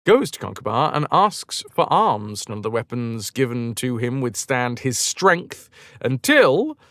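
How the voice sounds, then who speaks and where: A man's voice: medium pitch, measured pace, no room sound, clean studio sound. A man streaming who retells a legend casually, with profane jokes and asides. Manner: animated, profane, jokey asides.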